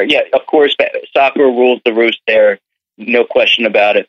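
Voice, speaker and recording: Male guest, Philly accent, relaxed and rambling, thin lo-fi phone sound. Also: medium pitch, no room sound. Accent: Philadelphia. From United States. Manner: relaxed, lots of fillers. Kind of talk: casual chat on a phone line. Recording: thin phone-line audio.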